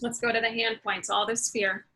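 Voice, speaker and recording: A woman practitioner calmly guiding a tapping session, feeding phrases for her client to repeat. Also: fairly high pitch, moderate pace.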